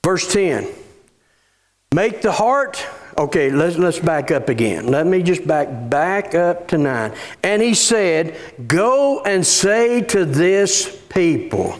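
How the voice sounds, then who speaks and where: A man's voice: high voice, very animated, slow pace. A male pastor preaching a sermon in church, reading scripture aloud and often restarting and repeating words.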